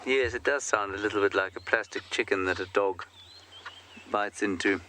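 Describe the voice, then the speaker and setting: A male safari guide talks through a live game drive with dry, playful humour. His voice sits a little low. The outdoor feed carries a steady wash of noise behind him. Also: moderate pace. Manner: wry, joking, chatty. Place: outdoors in the bush.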